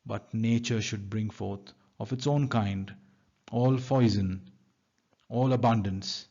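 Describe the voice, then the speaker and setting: A man's voice: lowish voice, slow, dark tone. A male teacher with an Indian English accent reading an idealistic old male courtier in an earnest reading voice. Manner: read aloud in an earnest reading voice. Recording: dull lo-fi recording.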